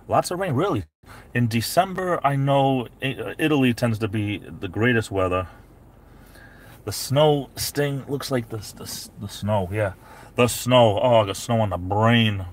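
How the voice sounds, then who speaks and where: A man hosting a casual live stream from his parked SUV, rambling on and greeting viewers by name. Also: on the low side. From New England.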